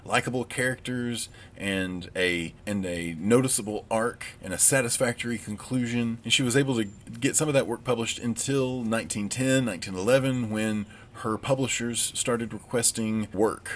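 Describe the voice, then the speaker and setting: A man's voice: medium pitch, moderate pace, few pauses, a little hiss or hum. A man with a Southern US accent giving a recorded literature lecture, conversational with wry asides. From United States.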